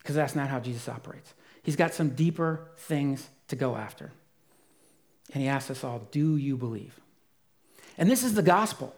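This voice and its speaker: A man preaching a sermon as pastor, earnest and emphatic, dropping to a soft voice for quiet moments. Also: medium pitch, lively intonation, moderate pace.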